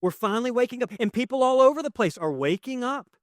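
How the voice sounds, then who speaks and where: Expressive young male pastor preaching. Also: very high voice, fast talker, no echo, clean studio sound. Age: young adult. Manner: conversational and emotional, swinging from loud to hushed. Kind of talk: sermon. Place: church sanctuary with audience.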